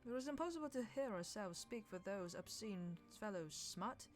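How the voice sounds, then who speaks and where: A woman voicing a jovial, hearty upper-class male government minister with drawn-out exclamations, soft music behind. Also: mid-range voice, expressive, pitched above the performer's own voice, lightly acted.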